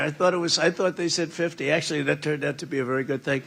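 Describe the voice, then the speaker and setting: A man's voice: a little high, steady tone, fast, vocal fry, fairly bright tone, slight background noise. An older man giving a campaign rally speech, rambling and boastful, often repeating his phrases. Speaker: political speaker at a rally. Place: large indoor rally room.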